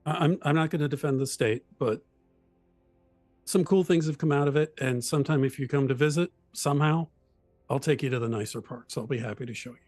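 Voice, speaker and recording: Brief: American man, even radio-style delivery, dry close mic. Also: medium pitch, dry recording, soft background music. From United States. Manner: even, measured, newscaster-like. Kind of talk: casual chat.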